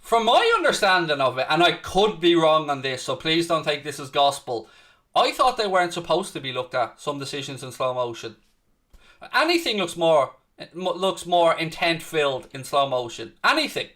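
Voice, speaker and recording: This watchalong host delivers a heated football rant at normal speed, responding to chat as he goes. His fairly high voice has a sharp tone and swings widely in pitch.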